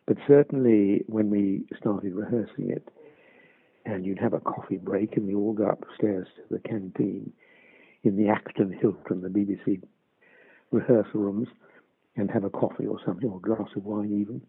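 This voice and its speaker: An older man, an actor being interviewed, reminiscing in a halting way and repeating words as he recalls. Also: fairly low pitch, fairly even intonation, creaky, breathy edge, no room sound. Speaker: actor guest. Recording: dry tinny phone line.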